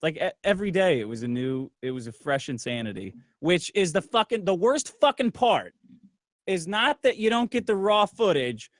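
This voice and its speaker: A middle-aged man telling a profane, brash story in casual livestream talk, acting out other people's lines in a lower voice. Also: sing-song, normal speed, no room sound, clean studio sound. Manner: acts out others' lines in a low voice. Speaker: guest.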